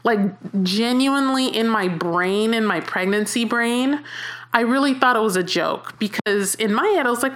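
A woman's voice: on the high side, moderate pace. A woman hosting a podcast, telling a personal story in a candid, chatty way, with frequent fillers and self-corrections. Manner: animated when quoting herself. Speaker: podcast host.

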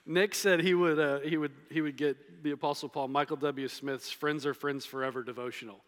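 A man's voice: fairly high pitch, fairly even intonation, fairly quick. A man, a pastor preaching a conversational sermon with playful humor and emphatic repetition. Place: church sanctuary. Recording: long reverb of a large hall.

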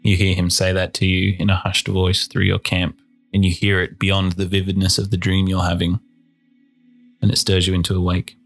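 A man narrating a tabletop game as game master, setting scenes in a steady, descriptive way. His voice is very deep and flat. Soft music plays in the background. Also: normal speed.

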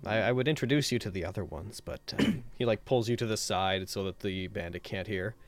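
A man's voice: on the low side, brisk. A man running a tabletop role-playing game as game master, narrating loosely with fillers and speaking as the characters.

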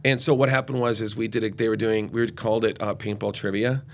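An enthusiastic, loud man in his forties, talking off the cuff as a ministry guest in an interview. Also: on the low side, flat delivery, quick pace, creaky, slight background noise. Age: 40s. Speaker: guest youth and young adult ministry leader. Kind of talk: podcast interview conversation.

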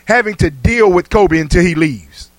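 High-voiced man hosting sports talk. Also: expressive, moderate pace, dry recording. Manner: laughs often, loose and chatty. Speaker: radio show host.

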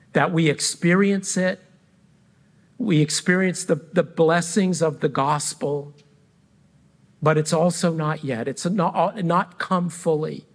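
Slow, earnest middle-aged male pastor. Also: on the high side, breathy edge. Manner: slow, deliberate, with frequent pauses between phrases; earnest and reflective. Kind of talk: sermon.

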